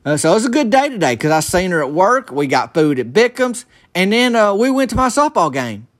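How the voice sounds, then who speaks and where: A young man telling a rambling comic story in a folksy, halting way, full of restarts. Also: high-pitched, big pitch swings.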